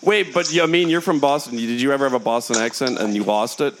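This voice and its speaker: A man's voice: mid-range voice, fast, background noise. A man co-hosting a podcast in casual chat, jokey and swearing, often laughing. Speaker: podcast co-host.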